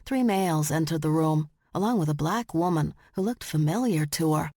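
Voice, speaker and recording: A woman narrating a romance audiobook in slow, measured storytelling, recorded close on a studio mic. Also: low-pitched, darkish tone, no room sound. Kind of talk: scripted narration.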